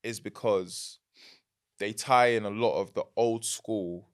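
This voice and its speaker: A young man with a London accent, chatting as a podcast guest, animated and quick to laugh. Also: fairly low pitch, clear, resonant tone. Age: young adult. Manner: animated, laughs easily, repeats words. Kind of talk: casual chat.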